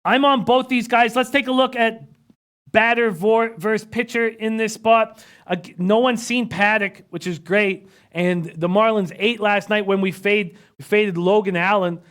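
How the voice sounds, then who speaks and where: A man's voice: sits high, fairly even intonation, a little slow, a bit bright, clear, resonant tone. A man hosting a casual sports betting livestream, chatting through his picks and reading viewer comments aloud. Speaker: sports betting analyst host.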